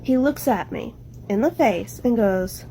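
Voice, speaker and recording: A mother telling a story about her son in a casual video, in a slow, drawn-out way. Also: fairly high pitch, animated, dark tone, a little hiss or hum, rough recording.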